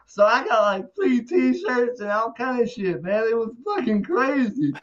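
A man telling a rowdy story in casual talk, animated and profane, acting out quotes loudly. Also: extremely high pitch, unhurried, highs cut off. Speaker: interview guest.

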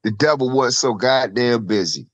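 A man's voice: mid-range voice, moderate pace, no echo, dull audio. A man in casual chat, laid-back and slangy, reflecting on the past as a guest musician.

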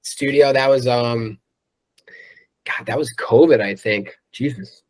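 This man has a mid-range voice and a slow pace. As a rock band's singer in a loose, casual interview, he swears without restraint and fills his speech with "um" and "like."

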